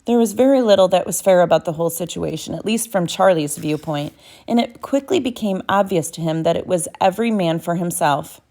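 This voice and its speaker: A woman's voice: fairly low pitch, a little fast, vocal fry, mellow. A woman narrating a novel as an audiobook, reading steadily with small self-corrections.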